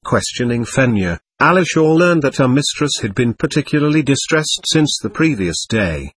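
A man reads a classic novel aloud in a measured storytelling voice that rises and falls with a lot of expression. His tone is slightly husky, and the audiobook recording is dry and close, with no room sound. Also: medium pitch, very animated, a bit bright, no room sound. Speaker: audiobook narrator. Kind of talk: scripted narration.

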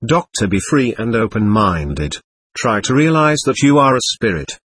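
A man's voice: medium pitch, big pitch swings, normal speed, a bit bright, husky, no room sound. A man reading a firm, lecturing doctor. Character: calm, firm male doctor questioning a spirit. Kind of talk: reading a séance transcript aloud.

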